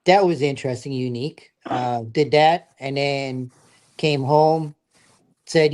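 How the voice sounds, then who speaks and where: A man's voice: medium pitch, steady tone, slow, a little mellow. A middle-aged man, a veteran guest, telling his stories in a casual, earnest, plain-spoken way. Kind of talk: casual storytelling.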